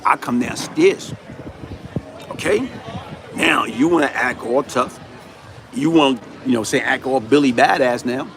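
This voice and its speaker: A man's voice: mid-range voice, a little slow, pauses often, background noise. A middle-aged man, telling a personal story on a live stream in emphatic street slang. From New York City. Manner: emphatic street-slang storytelling, repeats "you know what I'm saying". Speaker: livestream host.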